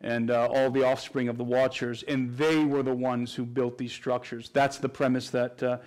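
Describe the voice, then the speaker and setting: Man explaining in a flat, even tone. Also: medium pitch, moderate pace. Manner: earnest, explanatory, frequent restarts and fillers. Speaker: guest researcher. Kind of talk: interview answers.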